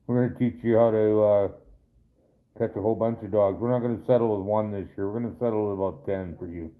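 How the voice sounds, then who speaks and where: A livestream host with a fairly low, steady voice talks quickly, rambling and cursing as he reads viewer chat and replies straight to his audience. The audio sounds tinny, like a phone.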